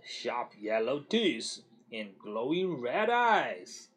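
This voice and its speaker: A man reading a bedtime story to a child, slow and gentle with lots of hesitant fillers. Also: mid-range voice, very animated.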